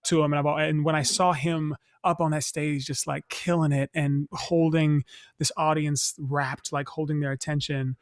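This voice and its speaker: A young man from Northern California, a stage actor as interview guest, telling stories in a reflective, soft-spoken way with many fillers and restarts. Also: on the high side, little pitch movement, normal speed, no room sound, clean studio sound. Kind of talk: casual interview storytelling.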